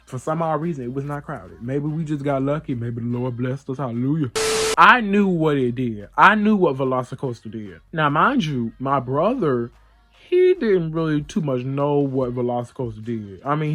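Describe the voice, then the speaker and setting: Man, podcast host, casual storytelling, playful and animated, slightly high pitch. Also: moderate pace. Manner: animated, playful, acts out the voices in his stories.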